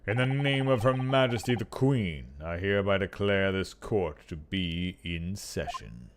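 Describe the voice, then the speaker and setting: A man voicing a stern older male chief justice who speaks in a grave, measured, formal way. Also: sits low, lively intonation, slight background noise, voice pushed down.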